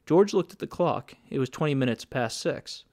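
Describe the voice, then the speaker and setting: A man reading a story aloud as audiobook narrator, in plain, even storytelling. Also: mid-range voice, normal speed. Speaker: audiobook reader. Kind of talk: scripted narration.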